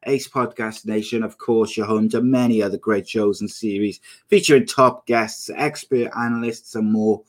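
A man hosting a podcast, running through a quick intro and then reading out viewer comments in casual chat. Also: fairly low pitch, fairly even intonation. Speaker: podcast host.

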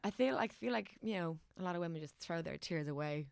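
Low, gravelly woman, podcast guest. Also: expressive, fast talker, no echo, studio quality. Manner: laughing, stop-start, self-interrupting. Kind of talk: casual chat.

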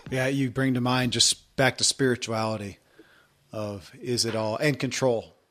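A man hosting an interview, asking loosely phrased, searching questions in a soft manner. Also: medium pitch, steady tone, measured pace, faint music behind. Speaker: podcast host. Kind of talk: casual interview.

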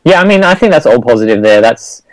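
Easygoing man, smooth voice. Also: medium pitch, big pitch swings, fast, no echo, rough recording. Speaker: podcast co-host. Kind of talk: casual chat.

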